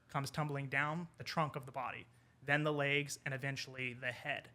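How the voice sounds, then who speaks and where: A man, an English professor, telling a folk tale in casual conversation over wine, animated and quoting the characters. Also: mid-range voice, moderate pace. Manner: animated retelling with quoted character lines. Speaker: podcast guest, English professor.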